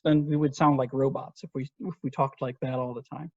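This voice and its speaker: A man's voice: fairly high pitch, steady tone, brisk, hardly any pauses, no echo. A man teaching an online voice lesson, patiently explaining technique and singing short phrases to demonstrate. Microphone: video call. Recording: dull, lo-fi video call audio.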